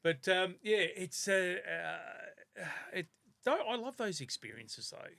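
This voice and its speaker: An Australian man in his fifties, a podcast guest telling lively stories in casual chat and laughing often. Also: high-pitched, slow, vocal fry, dry recording. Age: 50s.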